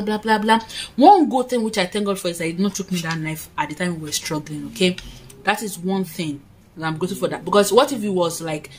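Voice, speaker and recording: A woman's voice: mid-range voice, husky. A woman tells a story to her viewers from her room, addressing them often and doing her makeup as she talks. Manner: chatty, dramatic storytelling with frequent asides to viewers. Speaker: vlogger. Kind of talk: casual storytime. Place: her own room, indoors.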